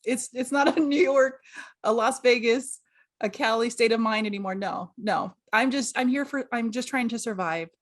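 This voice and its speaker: High-voiced tired laughing woman. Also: normal speed. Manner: laughing, tired, self-mocking. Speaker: co-host. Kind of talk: casual podcast chat.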